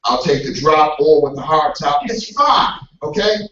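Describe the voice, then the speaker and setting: Animated high-voiced preacher in an echoey hall. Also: male voice, unhurried. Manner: animated, acts out shouts and quoted voices. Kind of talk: motivational sermon. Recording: very echoey hall, distant mic, dull sound.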